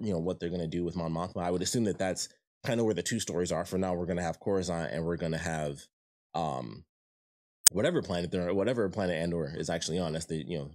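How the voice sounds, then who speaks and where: A man giving a rambling, excited review of a show, full of fillers and restarts. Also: fairly low pitch. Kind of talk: casual review chat.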